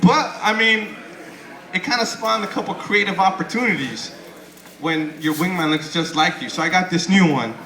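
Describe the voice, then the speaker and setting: Bright and forceful, a young comic's high-pitched voice moves at normal speed through a rambling, profane stand-up set with stammered restarts. He's performing on a comedy club stage. The audience laughs, and the echoey space carries crowd noise.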